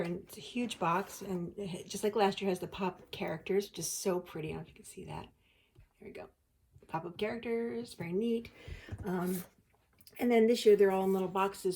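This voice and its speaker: A woman hosting a casual unboxing chat, talkative and giggly as she thinks aloud. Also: mid-range voice. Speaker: host.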